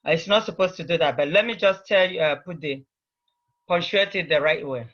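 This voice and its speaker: A high, bright male voice moves at an unhurried pace, with each word repeated carefully as he teaches. The sound arrives muffled and lo-fi over a video call, as a patient language teacher leads an online class. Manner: patient, repeats words slowly for students to copy.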